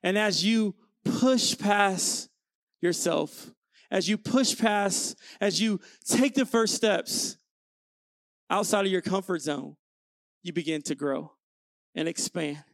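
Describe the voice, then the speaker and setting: A young adult man preaching an energetic sermon, telling stories with playful asides. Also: sits high, takes it slowly, no echo, clean studio sound. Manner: animated storytelling with playful asides. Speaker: pastor.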